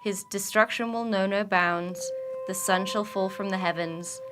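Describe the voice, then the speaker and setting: A woman player reading a prophecy aloud in a steady, formal way. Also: medium pitch, measured pace. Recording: music playing behind.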